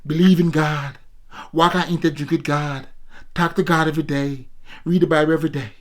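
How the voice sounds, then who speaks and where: A man's voice: on the high side, fairly even intonation, fairly quick. Jamaican man around sixty preaching to viewers. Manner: preachy, repetitive, keeps addressing viewers as people. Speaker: former amateur boxer vlogger. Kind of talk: casual vlog monologue.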